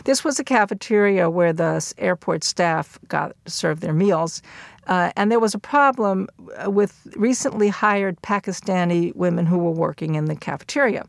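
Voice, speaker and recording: An older woman explaining linguistics in a measured lecture, with occasional fillers. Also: fairly low pitch, creaky, no echo.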